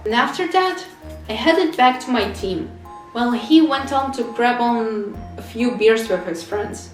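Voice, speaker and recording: A woman's voice: a little high, expressive, measured pace, echoey room, soft background music. A young woman from Czechia narrating a storytime animation, chatty and lightly self-mocking. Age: young adult. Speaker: student animator and devlog narrator.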